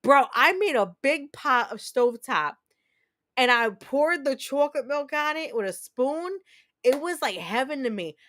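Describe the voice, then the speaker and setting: A woman in her thirties from New Jersey, a game streamer, chats casually while gaming, close to her mic. Her voice is high-pitched, animated, unhurried and a bit bright, with a little hiss or hum. She tells rambling stories full of restarts.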